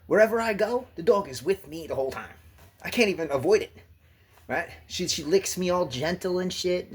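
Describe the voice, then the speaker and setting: A man's voice: a little high, husky. A man talking casually to the camera in a blunt, profane rant, laughing now and then. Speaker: vlogger. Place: gym locker room.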